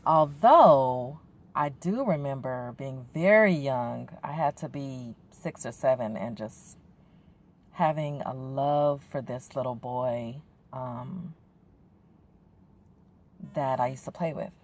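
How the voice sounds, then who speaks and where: Woman, 40s, low voice; soft, teary personal storytelling for a faith vlog. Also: slow. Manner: soft, reflective, emotional, with frequent ums and sighs. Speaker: faith vlogger.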